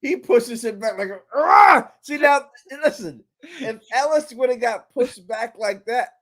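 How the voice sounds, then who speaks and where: A man's voice: very high voice, a little slow. A man co-hosting a casual show recap, laughing often, swearing and mimicking characters. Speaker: podcast co-host.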